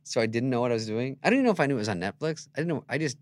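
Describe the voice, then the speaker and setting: A man who is a guest comedian, telling animated stories in a podcast interview and jumping into quoted voices. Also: medium pitch, racing, no echo.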